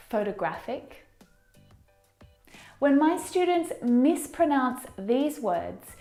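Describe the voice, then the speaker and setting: Brief: woman pronunciation teacher, unhurried, models each word, echoey room, soft music behind. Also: fairly high pitch. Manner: slow, deliberate, models words by repeating them. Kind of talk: English pronunciation lesson.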